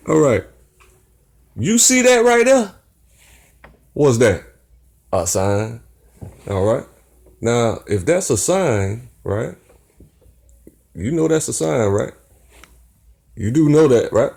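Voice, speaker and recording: Man talking slowly with a lively pitch. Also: vocal fry. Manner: keeps asking the viewers rhetorical questions; teasing, talks straight to chat viewers. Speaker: channel host. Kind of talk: casual livestream teaching.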